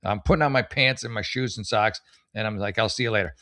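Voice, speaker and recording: A man's voice: lowish voice, fast talker, bright, forceful tone. A man in his forties hosting a comedy advice show, reading posts aloud and reacting with sarcastic, rambling, exasperated commentary. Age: 40s.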